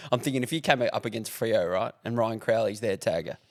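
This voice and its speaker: A man's voice: fairly low pitch, animated, normal speed. A man with an Australian accent co-hosting a podcast, asking his questions with enthusiasm and laughing along. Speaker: podcast co-host. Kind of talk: casual chat.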